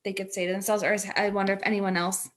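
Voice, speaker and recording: A woman's voice: medium pitch, little pitch movement, fast. Woman, co-host, casual coaching chat, chatty, fillers. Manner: chatty, full of "like", acts out inner voices.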